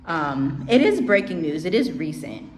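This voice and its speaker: Animated woman vlogger talking straight to viewers. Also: low-pitched, unhurried, slight background noise. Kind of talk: casual commentary. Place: abroad, home setting.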